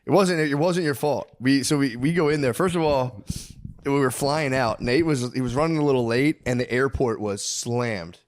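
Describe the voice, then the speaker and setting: Brief: easygoing male podcast co-host, mid-pitched, laughs a lot. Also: normal speed. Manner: laid-back, chatty, laughs often. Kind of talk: casual podcast chat.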